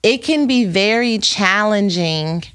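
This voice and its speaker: A woman's voice: medium pitch, lively intonation, slow, a bit bright, smooth. A woman hosting a casual faith-based conversation, who breaks in with emphatic, preachy asides to her listeners. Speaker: host.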